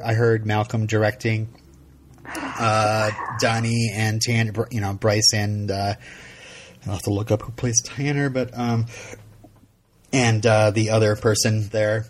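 Podcast co-host, middle-aged man from Vermont, animated storyteller, average pitch. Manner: animated, laughs often, acts out quotes. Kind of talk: casual chat, storytelling.

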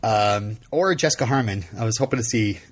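A middle-aged man from Vermont, co-hosting a podcast and telling a story in casual chat, animated and laughing often. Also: lowish voice, fairly quick, slightly rough. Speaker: podcast co-host.

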